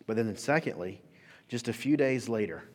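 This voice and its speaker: A male pastor preaches in an animated, conversational way and often acts out the voices he quotes. His mid-range voice carries a long reverb through a large hall. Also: medium pitch, normal speed. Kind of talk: sermon.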